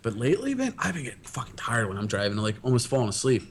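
A man's voice: mid-range voice, huge pitch swings, rapid-fire, a little hiss or hum. A man in casual conversation, laid-back and jokey, swearing offhandedly. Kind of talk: casual chat.

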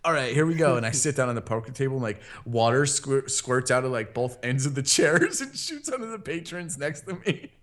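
A young man casually telling a funny anecdote, laughing often, rambling with fillers, and jumping into animated voices when he quotes people. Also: medium pitch, fairly quick, hardly any pauses.

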